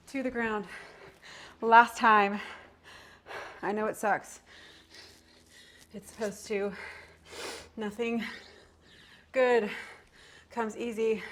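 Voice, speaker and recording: A woman's voice: medium pitch, a bit bright. A woman, a mother, coaching a workout, pushing listeners to keep going and chatting through stories as she counts off moves. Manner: chatty, tells personal stories mid-workout. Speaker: fitness instructor. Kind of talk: workout coaching with motivational talk.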